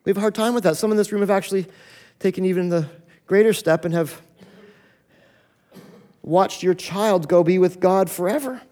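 A man preaching in a church, his voice sitting high for a man. He moves between loud, urgent stretches and quiet, hushed ones, and acts out voices in the stories he tells. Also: normal speed, pauses often. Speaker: pastor. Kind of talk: sermon.

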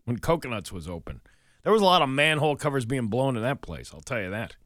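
Male morning radio co-host, bright and animated, joking banter. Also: mid-range voice, fast talker, no room sound, clean studio sound. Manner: playful, mock-conspiratorial, loud put-on voices in jokes. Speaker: radio co-host, news reader. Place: radio studio. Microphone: studio mic.

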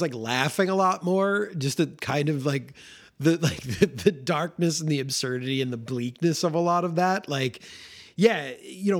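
Higher-voiced man, laid-back podcast talk. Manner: laid-back, laughs while talking. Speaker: podcast co-host. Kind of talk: casual film discussion.

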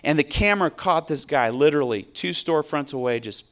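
A man's voice: a little high, animated, fairly quick. A man preaching a sermon, delivering rising, emphatic appeals and closing in prayer. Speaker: pastor.

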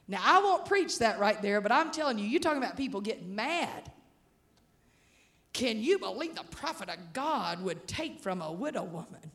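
A woman preaching a sermon, animated and dramatic, acting out scenes with shouts and laughter. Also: on the high side, moderate pace.

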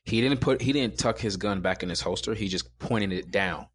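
A young man in his twenties calmly telling a personal story in casual conversation, quoting others as he goes. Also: lowish voice, normal speed.

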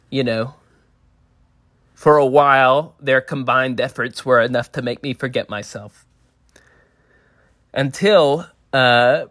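Deadpan, profane stand-up man. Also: medium pitch, no echo, clean studio sound. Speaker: stand-up comedian. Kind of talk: live stand-up storytelling. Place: library event space.

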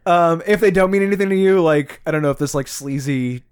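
A man's voice: fairly high pitch, brisk, smooth. A man co-hosting a podcast in casual chat, talking loosely with lots of fillers and frequent laughs. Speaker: podcast co-host.

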